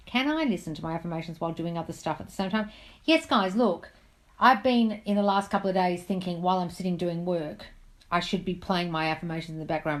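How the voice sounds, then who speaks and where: A woman's voice: on the low side, low-quality recording. A woman hosting a casual live-stream Q&A as a manifesting coach, chatty, reading comments aloud and calling listeners darling. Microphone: phone on a live stream.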